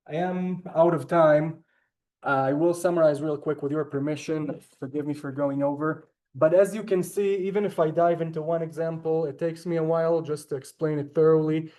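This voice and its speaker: A man's voice: on the high side, steady tone, moderate pace, mellow. A man teaching a Hebrew class over a video call, talkative and courteous, often apologizing and saying ma'am. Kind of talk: online class lecture.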